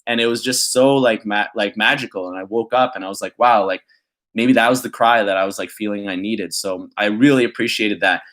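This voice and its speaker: A man's voice: on the low side, brisk, a bit bright. A young man vlogging candidly, rambling and filling his talk with "like" before reading his own poem. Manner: rambling, full of "like" fillers. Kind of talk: candid reflective vlog with poetry reading.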